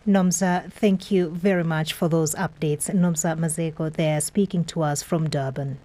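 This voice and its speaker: A female news anchor with a slightly low voice, smoothly handing over to a correspondent and thanking her politely. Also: fairly even intonation, normal speed, warm tone. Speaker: news presenter. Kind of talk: news presenting.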